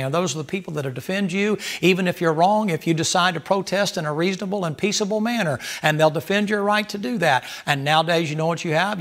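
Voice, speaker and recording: A man preaching a Bible study with a gravelly, fry-edged voice pitched a touch high for a man. He hammers points with rhetorical questions, rising loud and then dropping soft. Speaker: pastor.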